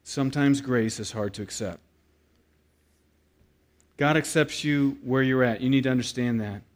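A man preaching a sermon, telling a story with lively acted-out quotes and then speaking quietly and earnestly to the congregation. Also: mid-range voice, moderate pace. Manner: animated storyteller who acts out quoted voices, then turns quiet and earnest. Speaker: pastor.

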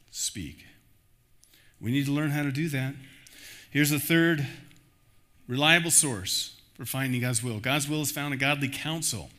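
A man pastor preaching a sermon in an animated way, acting out the voices he quotes. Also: medium pitch.

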